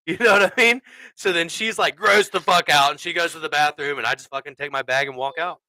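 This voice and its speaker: Animated, foul-mouthed man telling stories. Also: a little high, brisk, dry recording, low-quality recording. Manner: crude, animated storyteller who swears a lot. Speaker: podcast host. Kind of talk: casual storytelling chat.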